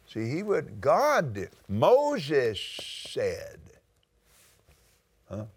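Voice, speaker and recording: A man's voice: mid-range voice, huge pitch swings, drawn-out words, husky. An older man with a Southern US accent, preaching a sermon and reading scripture aloud with dramatic swings in his voice.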